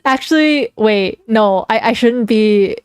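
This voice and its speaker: A woman's voice: a little high, takes it slowly, a little mellow, clear, resonant tone, no echo, clean studio sound. A young woman streamer chatting casually with her live chat, giggling and reading comments aloud before reacting to them.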